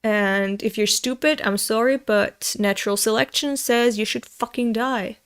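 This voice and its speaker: A woman's voice: on the high side, a little slow, clean tone. A young woman from Europe, streaming as she reads a manga aloud, talking in a blunt, profane, angry rant. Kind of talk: live-stream reading with commentary.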